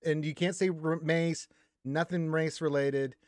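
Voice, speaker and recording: A man's voice: a little high, steady tone, unhurried, a little mellow, no room sound, clean studio sound. Man joking around as podcast host. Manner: joking, rambling, teasing the guests. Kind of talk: casual chat.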